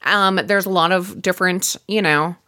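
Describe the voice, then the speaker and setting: A woman co-hosting a podcast, chatting casually and giggling as she recaps a dating show. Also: normal speed. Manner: chatty, giggly, animated swoops in pitch. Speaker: podcast co-host.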